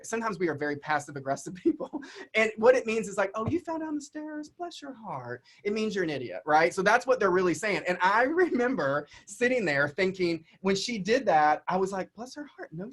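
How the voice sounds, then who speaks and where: Animated Southern man giving a keynote. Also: high voice. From Southern United States. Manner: animated, chatty, addresses audience as y'all. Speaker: keynote speaker. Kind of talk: storytelling keynote talk.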